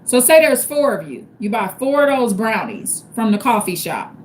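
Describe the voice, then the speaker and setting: A woman's voice: a little high, very animated, normal speed. A woman hosting a live stream, giving casual advice in a repetitive, emphatic way that spells each point out step by step. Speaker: livestream host.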